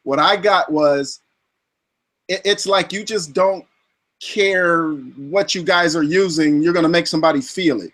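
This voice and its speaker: Halting, searching male interview host. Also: a little high, a bit bright. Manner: searching, halting phrasing with ums and restarts. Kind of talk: conversational interview questions.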